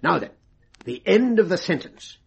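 An actor playing a breezy, wheedling stage mind-reader who talks in slang, in a vintage radio drama. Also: male voice, high voice, sing-song, moderate pace, vocal fry, slightly rough, full character voice. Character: brash cockney male stage mind-reader.

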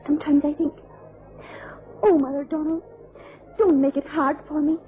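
An actress playing a torn young Irish bride. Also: female voice, high voice, fairly even intonation, normal speed, natural voice. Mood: tearful. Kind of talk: old-time radio drama acting. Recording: tinny old radio recording with faint hiss.

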